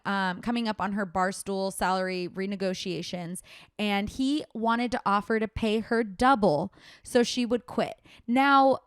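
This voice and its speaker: A woman's voice: medium pitch, clear, resonant tone, no room sound. Woman podcast host, heated gossip rant, curses freely, lots of "like", dry close sound. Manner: fired-up, swears often, lots of filler "like". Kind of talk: casual gossip commentary.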